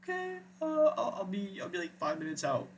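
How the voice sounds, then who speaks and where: A man imitating a flustered young woman on a date, in a squeaky, hesitant voice. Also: huge pitch swings, a little fast, exaggerated voice. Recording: echoey room with background noise.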